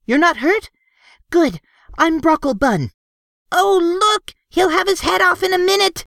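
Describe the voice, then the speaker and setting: Man doing a shrill excitable lady gnome. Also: measured pace, vocal fry, no echo, clean studio sound, full character voice. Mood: excited. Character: fierce female lady gnome. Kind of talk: audiobook reading.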